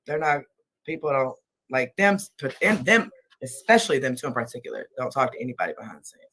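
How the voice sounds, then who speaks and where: A woman's voice: very deep voice, animated, brisk, fairly bright tone, a little hiss or hum. Chatty woman hosting a livestream. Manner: chatty, swears freely, scolds her dog. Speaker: livestream host. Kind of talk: casual livestream chat.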